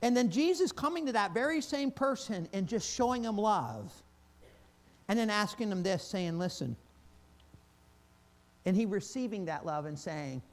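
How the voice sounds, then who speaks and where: A man preaching in a church service, with a high voice for a man. He is animated and repeats himself as he builds a point, then drops to a softer, slower voice. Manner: animated, repeats and restarts, laughs between points, swings from loud to quiet. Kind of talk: sermon.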